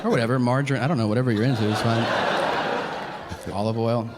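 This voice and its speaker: A man's voice: mid-range voice, steady tone, fast, very noisy. A male stand-up comedian telling profane stories on stage, acting out the back-and-forth of each exchange. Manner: profane storyteller acting out exchanges in quoted voices. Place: comedy stage before a live audience.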